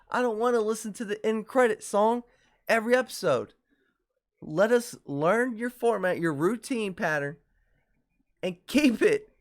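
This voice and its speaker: Animated, swearing man ranting on a podcast. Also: high voice. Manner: profane, animated ranting with laughs. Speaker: podcast host. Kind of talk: casual solo podcast rant.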